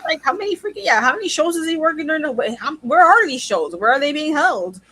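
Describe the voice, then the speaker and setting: A woman co-hosting a wrestling chat show, talking in an animated, emphatic way. Her voice is bright and fairly high, with forceful emphasis. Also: poor audio. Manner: animated, emphatic, quick to agree. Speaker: podcast co-host.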